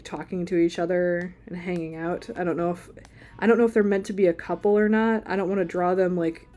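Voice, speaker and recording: A woman's voice: on the low side, dark tone. A woman streaming live as she draws, chatting casually in a rambling, playful way and laughing often. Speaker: livestream artist. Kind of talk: casual chat while drawing.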